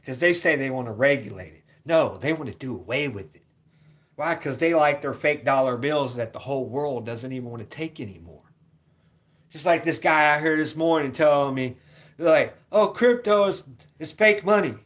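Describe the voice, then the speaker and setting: A man vlogging a rambling, repetitive rant at home, cursing and swinging from loud hollering to low mutters. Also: normal speed, muffled recording.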